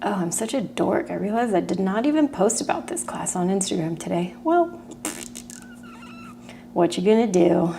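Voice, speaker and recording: A woman's voice: mid-range voice, lively intonation, moderate pace, vocal fry, warm tone, a little hiss or hum. A woman from California, a movement instructor, casually chatting and greeting livestream viewers by name before class, often giggling.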